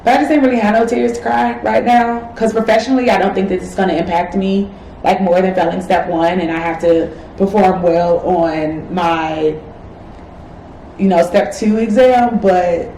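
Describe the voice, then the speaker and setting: A woman's voice: mid-range voice, fairly even intonation, normal speed, warm tone, slight background noise. A woman in her twenties, a medical student, talking candidly and reflectively in a personal vlog, encouraging herself with casual fillers. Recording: echoey room with faint ambience.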